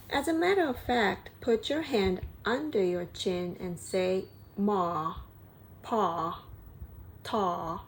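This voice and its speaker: A woman pronunciation coach reads her lesson slowly and deliberately, drawing out each vowel. Her pitch sits at an ordinary middle level. A faint hiss of background noise runs under her voice. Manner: reads English text slowly, then explains quickly in Japanese.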